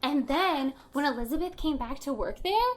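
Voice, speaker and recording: A woman's voice: high-pitched, expressive, normal speed. A woman hosting a book podcast, recapping the plot in a chatty, casual way with lots of filler words.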